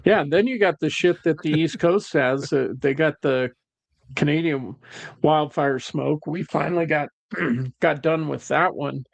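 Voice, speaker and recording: A man co-hosting a casual chat, blunt and gruff, swearing as he talks. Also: on the high side, a little slow, no echo. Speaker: rideshare driver, co-host.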